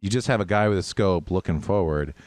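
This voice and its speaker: A man hosting a podcast, telling gaming stories in a lively way and mimicking sounds from the game. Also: low voice, fairly quick, dry recording. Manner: animated storyteller, mimics game sounds and voices. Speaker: podcast host. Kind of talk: casual gaming chat.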